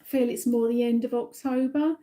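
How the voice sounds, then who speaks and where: A woman from the UK giving a live-stream psychic reading, gentle and reassuring, with many fillers and tag questions, a little tired. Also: fairly high pitch, fairly even intonation, normal speed. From United Kingdom. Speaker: psychic medium.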